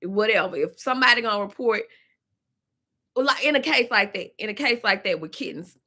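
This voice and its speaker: Bright, chatty Memphis woman venting live. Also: medium pitch, animated, a little fast. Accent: Southern US (Memphis). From Memphis, Tennessee. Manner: chatty, talks to viewers and reads the chat aloud. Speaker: livestream host. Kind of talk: casual live-chat venting.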